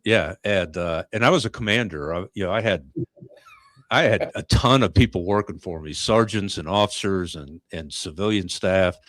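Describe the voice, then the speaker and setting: A middle-aged man hosting a podcast, talking in a reflective, halting way with many restarts. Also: sits low, a bit bright, dry recording. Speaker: podcast host. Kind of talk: casual chat.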